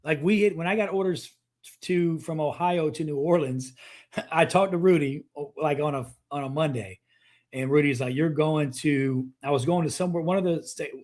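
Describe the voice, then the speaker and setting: A man co-hosting a veterans podcast, telling stories in an animated, profane, casual way. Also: a little high, normal speed. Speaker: podcast co-host, Navy veteran. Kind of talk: casual storytelling chat.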